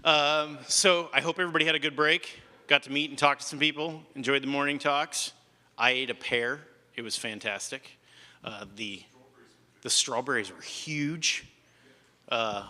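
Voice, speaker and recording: A man's voice: mid-range voice, pushed and bright, long reverb tail. A man introducing a speaker on stage at a conference, chatty and joking. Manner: chatty, joking, with many fillers. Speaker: conference host. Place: large conference hall.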